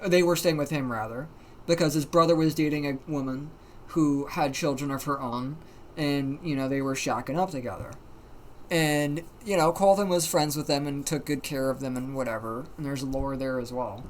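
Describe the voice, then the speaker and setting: A livestreamer telling a story in casual, animated talk, swearing often and using plenty of fillers. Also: mid-range voice, normal speed, slight background noise. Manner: animated, profane, many fillers.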